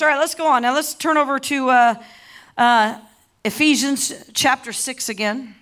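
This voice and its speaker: Fervent woman preacher, builds to shouts. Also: high voice, fairly even intonation, moderate pace, a faint crowd. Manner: impassioned, rising to shouts; repeats and restarts words often. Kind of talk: sermon.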